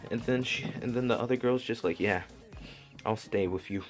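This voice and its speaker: A man giving a casual anime review, retelling the plot in an excited, rambling way with many restarts. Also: medium pitch, moderate pace, faint music behind.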